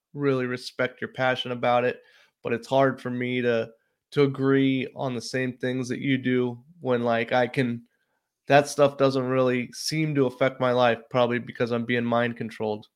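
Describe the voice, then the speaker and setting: Male guest panelist, smooth even delivery, hesitant and easygoing. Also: mid-range voice. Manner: easygoing, hesitant, full of ums. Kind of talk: casual livestream panel talk.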